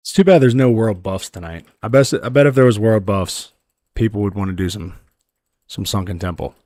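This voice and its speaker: Male game streamer, easygoing chat, lowish voice, dry close recording. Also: a little fast, dry recording. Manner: relaxed, talks to chat while playing; yells with excitement at lucky loot drops. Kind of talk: casual gameplay livestream chat.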